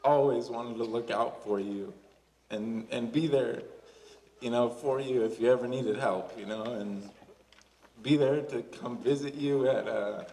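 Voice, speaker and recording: A young man in his twenties giving an emotional wedding toast for his sister, halting and full of fillers. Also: medium pitch, dark tone. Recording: distant camera, crowd noise behind.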